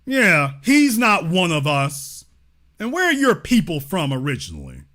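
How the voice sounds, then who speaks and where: A man hosting a heated call-in show, speaking with a Louisiana accent. His voice is bright and his pitch jumps around a lot as he hammers a caller with repeated questions and insults. He stays confrontational throughout. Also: wildly swooping pitch, a little slow. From Shreveport, Louisiana. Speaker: show host.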